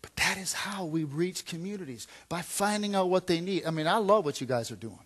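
With a high-sitting, animated voice that has a breathy edge, this pastor keeps a brisk pace. His sermon is conversational, full of repeated phrases, and it swings between quiet asides and loud, emphatic moments.

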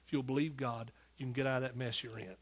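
A man's voice: medium pitch, steady tone, fast, breathy edge. A man preaching a sermon in a fervent, rhythmic way, often calling out to his listeners. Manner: fervent, rhythmic preaching with repeated calls to the congregation.

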